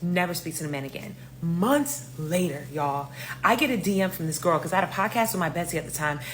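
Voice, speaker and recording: Animated New woman telling a story. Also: lowish voice, brisk, slight background noise. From New York. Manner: animated, profane, talks straight to viewers. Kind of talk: casual storytime.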